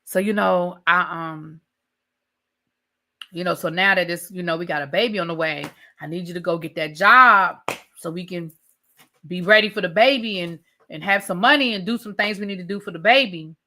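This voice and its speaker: Woman voicing hesitant young woman, halting, filler words, slightly low. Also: bright, forceful tone. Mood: pleading. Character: hesitant young pregnant woman asking for support.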